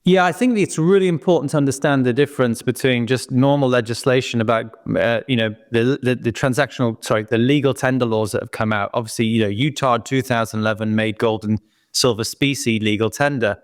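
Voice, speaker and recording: A man's voice: medium pitch, a little fast, no room sound. British male guest expert, eager explainer, dry close mic. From United Kingdom. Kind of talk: interview conversation.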